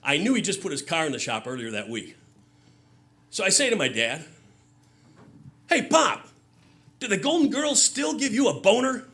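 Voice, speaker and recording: A man's voice: on the high side, fairly bright tone. A man telling a stand-up story on stage, loose and chatty, with fillers and audience laughter. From Michigan. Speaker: stand-up comedian.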